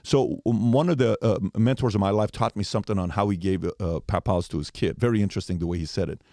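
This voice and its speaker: Animated storytelling man, low and mellow. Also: fast talker, dry recording, clean studio sound. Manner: animated storyteller, acts out quoted lines. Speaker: podcast guest. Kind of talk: storytelling in a podcast interview.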